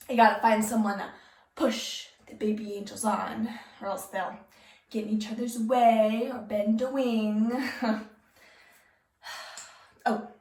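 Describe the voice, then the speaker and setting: A woman's voice: a little high, a little mellow. A woman performing a stage monologue as a fussy woman handing out advice about a pageant. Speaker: theatre student performing a monologue. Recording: roomy echo, mic far off.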